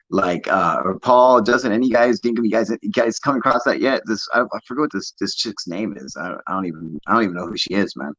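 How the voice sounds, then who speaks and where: Male streamer host, low husky voice, foul-mouthed rambling chat, dry dull lo-fi audio. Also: expressive, fairly quick, fairly bright tone. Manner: profane, rambling, laughing. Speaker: livestream host. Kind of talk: casual livestream chat.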